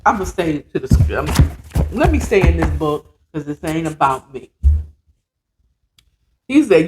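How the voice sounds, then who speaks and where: A woman's voice: low voice, very animated, a little slow, long pauses, darkish tone, a little hiss or hum. A woman hosting a casual storytelling podcast, chatty and digressive with lots of asides.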